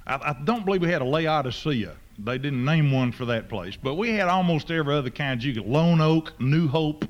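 A man's voice: a little high, brisk, highs cut off. Folksy man telling a funny story. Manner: folksy, deadpan exaggeration. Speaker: preacher telling a humorous story. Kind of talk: humorous storytelling.

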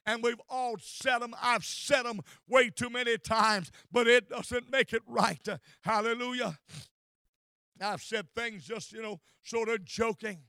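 Man preaching a sermon, very high and smooth voice, fervent and insistent, repeating and restarting words as he goes. Dry close sound with no room echo. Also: fairly even intonation, unhurried, pushed and bright.

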